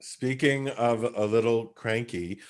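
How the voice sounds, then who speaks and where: A man's voice: mid-range voice, slow, very noisy. A man hosting a live-stream comedy show, reading out upcoming dates with a rambling, filler-filled delivery. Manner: rambling announcements full of fillers.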